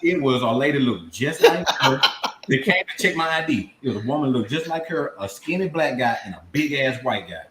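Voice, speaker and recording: A man's voice: mid-range voice, a little fast. A man telling a comedic story on a podcast, acting out voices and laughing as he goes. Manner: animated, acts out voices and laughs mid-story. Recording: echoey room with faint background noise.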